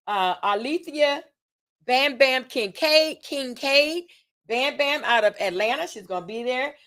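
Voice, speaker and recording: Chatty woman host, kinda high voice, hyping up her online crowd, lots of um and y'all. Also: fairly bright tone. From Tampa, Florida. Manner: chatty, hypes the audience with call-and-response; reads out details with fillers and self-corrections. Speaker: host and event organizer. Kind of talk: casual livestream announcements.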